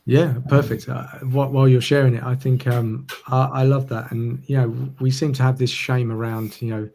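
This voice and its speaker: Casting: male interview host, mellow, gravelly, flat delivery, halting. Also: mid-range voice, a little hiss or hum. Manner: hesitant, filler-heavy. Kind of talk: conversational interview.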